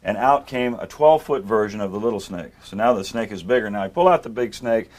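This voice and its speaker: An older man spins comic stories at a brisk clip, in a chat-show interview. He slips into voices for the people he quotes and keeps the anecdotes rolling. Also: fairly low pitch, lively intonation, noisy background. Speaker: magician guest. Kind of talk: storytelling interview.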